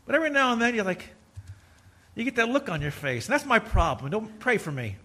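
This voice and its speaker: A man's voice: high voice, sing-song, a little fast, pushed and bright. A man preaching a sermon as pastor, talking to the congregation in a conversational way with asides. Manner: conversational preaching with asides and quoted inner voices.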